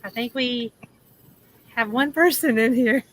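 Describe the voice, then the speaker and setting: A woman's voice: on the high side, takes it slowly, fairly bright tone, no echo, low-quality recording. A woman with a Southern accent hosting a casual livestream chat from outdoors, chatty and laughing, trailing off with ums. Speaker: livestream host. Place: outdoors in the shade under an awning.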